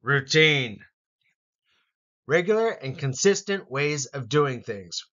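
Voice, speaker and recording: A man teaching an English vocabulary lesson, saying each word slowly and clearly for learners to repeat. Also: fairly high pitch, expressive, sharp tone, lo-fi sound. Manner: slow, deliberate word-by-word pronunciation.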